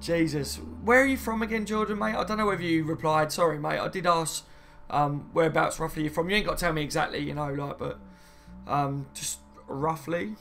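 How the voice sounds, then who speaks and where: A man, his voice sitting a little high and carrying a gravelly edge. He chats loosely on a live stream, reading out viewers' comments and answering them, with faint music playing in the background. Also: quick pace, a bit bright. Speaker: fan channel host. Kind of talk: casual live-stream chat.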